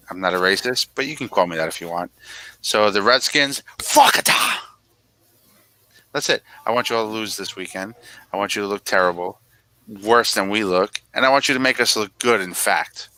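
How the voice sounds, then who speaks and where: A man's voice: low-pitched, normal speed, pushed and bright, no room sound, rough recording. A man co-hosting a casual sports podcast, ranting in mock anger about football teams. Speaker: podcast co-host.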